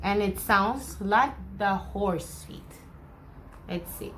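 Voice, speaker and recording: A woman's voice: mid-range voice, slow pace, fairly bright tone. A woman teacher talks unhurriedly and kindly to small children, drawing out her words. She explains a craft activity and then reads a picture book aloud, imitating animal sounds for the class. A faint hiss sits under her voice. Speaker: first grade teacher. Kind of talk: remote class lesson, crafts and read-aloud.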